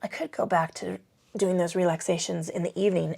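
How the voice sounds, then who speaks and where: Gravelly, husky woman leading yoga. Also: fairly low pitch, steady tone, a little fast, dark tone. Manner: chatty, swears casually, laughs at herself. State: breathing heavily. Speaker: yoga instructor. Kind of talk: guided yoga class with chatty asides.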